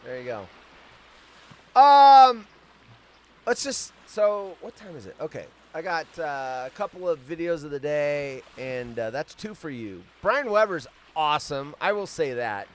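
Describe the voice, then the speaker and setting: A man's voice: fairly high pitch, very animated, slight background noise. A man in his fifties hosting a casual live stream from outdoors on vacation, rambling off on tangents and swearing freely. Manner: profane, rambling, quick tangents. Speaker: host.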